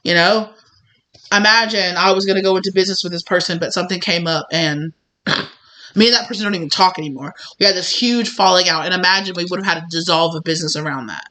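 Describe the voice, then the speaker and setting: A woman's voice: lowish voice, fast, sharp tone. A woman giving a spiritual tarot reading, talking in a rambling, conversational way full of fillers and little acted-out dialogues. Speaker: tarot reader.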